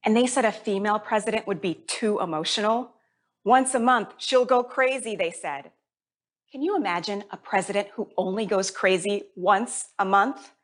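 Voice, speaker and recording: A woman born in Jamaica hosting a comedy show, delivering a deadpan stand-up monologue. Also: medium pitch, normal speed. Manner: deadpan, dry delivery with put-on voices for family.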